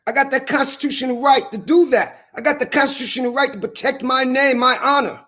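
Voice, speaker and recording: Man, very high voice, angry, profane, repetitive, hammering emphasis. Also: steady tone, bright, forceful tone. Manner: slow hammering emphasis on key words. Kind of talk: heated monologue to camera.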